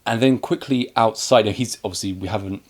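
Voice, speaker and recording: A man's voice: lowish voice, fast talker. A man co-hosting a casual film review, chatty and joking, acting out scenes with quoted lines. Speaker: podcast co-host.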